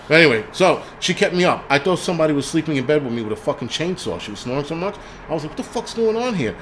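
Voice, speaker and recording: This livestream host speaks fast in a fairly high, slightly bright voice over faint hiss or hum. He rambles profanely, keeps restarting his sentences and wanders off into casual asides.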